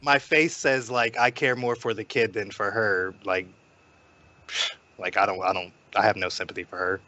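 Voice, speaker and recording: A male player with a bright, forward voice, talking through his choices in a tabletop game. He hesitates and restarts often. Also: lowish voice, steady tone, moderate pace, lo-fi sound. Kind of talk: casual tabletop game chat.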